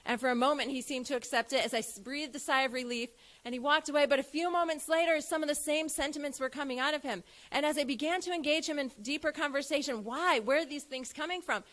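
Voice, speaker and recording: A woman in her thirties tells a personal story to a listening audience. She speaks earnestly, in a voice a little higher than most, and slips into the voices of herself and her son as she recounts their talks. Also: fast talker, few pauses, a bit bright. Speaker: event speaker.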